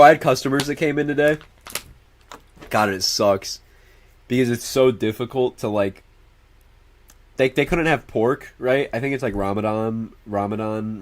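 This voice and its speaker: A young adult man chatting casually to his livestream audience, animated and rambling, swearing a lot. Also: on the low side, moderate pace, long pauses.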